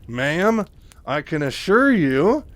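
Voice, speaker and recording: A man's voice: mid-range voice, normal speed, dry recording, close to an everyday voice. A man voicing a stiff, by-the-book female army lieutenant who speaks formally through her teeth. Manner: formal, tight-lipped.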